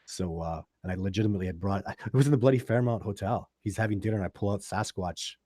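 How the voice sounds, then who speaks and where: A man's voice: on the low side, quick pace, dark tone, dry recording, clean studio sound. A man hosting a live stream, answering viewers' questions and telling stories in a rambling way, with many restarts and fillers. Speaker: host of a live video chat about Sasquatch research.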